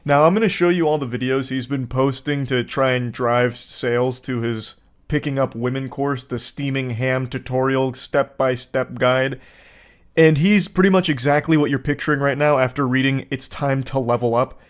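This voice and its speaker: A man's voice: mid-range voice, fairly even intonation, moderate pace, clean tone. A man hosting a comedic reaction commentary, talking sarcastically and sounding incredulous at what he watches. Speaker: host reacting to videos.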